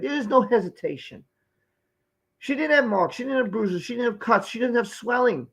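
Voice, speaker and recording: Gravelly high-voiced man, emphatic live-stream commentator. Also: moderate pace, fairly bright tone. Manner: emphatic, repeats key phrases.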